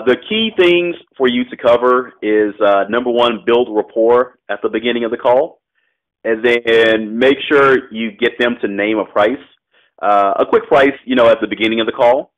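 A man coaching a student over a call on real estate, casual and loose, often laughing and acting out quick phone exchanges. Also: mid-range voice, highs cut off. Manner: loose, laughing, quick bursts of role-played phone talk.

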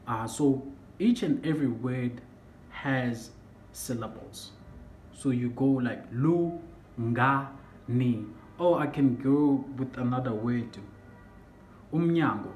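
A young man explains word sounds in a casual lesson, often pausing and repeating himself. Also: mid-range voice, a little mellow. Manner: halting, repeats himself, searches for words. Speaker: language teacher. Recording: echoey room with faint background hum.

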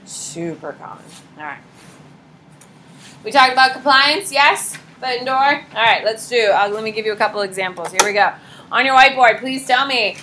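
A woman's voice: fairly high pitch, moderate pace, slight background noise, low-quality recording. A woman in her thirties, a teacher giving a chatty classroom lecture and quizzing her students. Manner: lively, chatty, asks the class questions.

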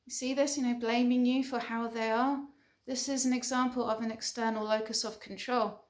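A woman's voice: a little high, little pitch movement, moderate pace. A woman counselor giving an earnest advice monologue, building her points through repeated short lists. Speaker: relationship counselor.

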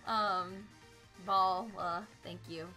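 A woman's voice: lowish voice, steady tone, extremely slow, bright, forceful tone, soft background music. A woman hosting a live video game stream, chatting casually, greeting viewers by name and laughing often. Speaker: livestream host playing a video game. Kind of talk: casual live gameplay chat.

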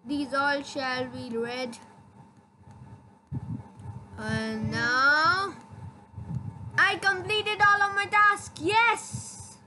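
Woman gamer, high voice, exasperated and repetitive; noisy home recording. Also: steady tone, extremely slow, pauses often. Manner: insistent, exasperated, repeats herself. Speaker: gaming video creator. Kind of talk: casual gameplay commentary.

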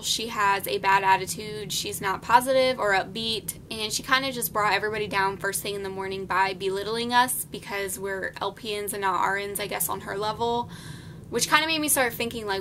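Medium in pitch, bright and forceful, a young nursing student's voice carries a slight hiss or hum as she recaps class in a casual vlog. She talks in a friendly, plain way with frequent ums.

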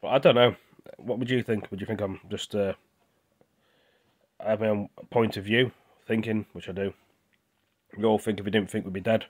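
Chewing as he speaks, a young British vlogger rants in a rambling, indignant way, full of restarts and repeated words. His voice is on the low side, fairly even, at normal speed with long pauses.

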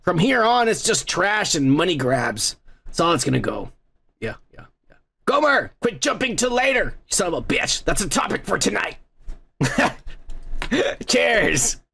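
A man's voice: high voice, sing-song, a little slow, creaky, sharp tone, slightly rough. A man hosting a comedy podcast, reading out viewer comments in a crude, rambling way full of profanity and mocking asides.

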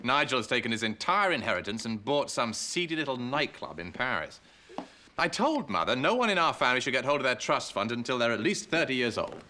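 Man, fussy exasperated employer, very lively pitch, clear audience noise behind. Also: a little fast. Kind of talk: sitcom acting. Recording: sitcom audio with audience noise.

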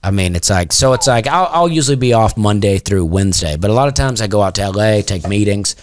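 A man's voice: fairly low pitch, lively intonation, quick pace. A man from Alabama, a stand-up comedian chatting casually as a podcast guest in a laid-back storytelling way. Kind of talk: casual interview chat.

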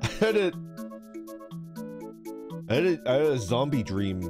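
A man's voice: medium pitch, big pitch swings, unhurried. A young man chatting casually on a livestream, swearing freely and reading chat aloud. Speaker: streamer. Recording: background music.

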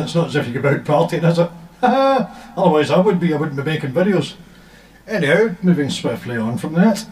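A man's voice: on the high side, a little hiss or hum. A man chatting jokily to camera before playing an acoustic guitar, rambling and self-mocking. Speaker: busker making home videos. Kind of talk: casual chat to camera, then singing with acoustic guitar. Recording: distant mic with loud guitar.

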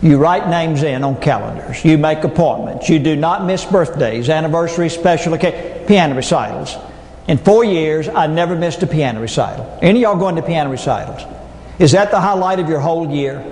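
In a reverberant large hall, a middle-aged man entertains an audience with a motivational keynote built on folksy anecdotes and jokes. His voice is a little high, a little mellow, and expressive, and he talks briskly.

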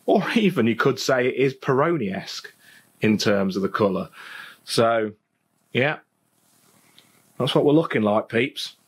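A man's voice: medium pitch, expressive, unhurried, pauses often. Chatty Leicestershire man reviewing beer. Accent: Leicestershire English. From England. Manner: chatty and jokey, repeats phrases. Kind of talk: casual vlog review. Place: home garden, outdoors.

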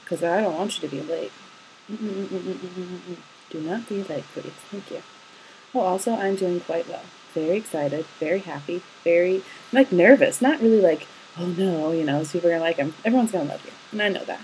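A woman's voice: fairly low pitch, normal speed, a little mellow, slight background noise, low-quality recording. Giggly young woman rambling to her partner. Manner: chatty, giggly, affectionate rambling. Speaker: vlogger. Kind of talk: video diary to a partner. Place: home, indoors at night.

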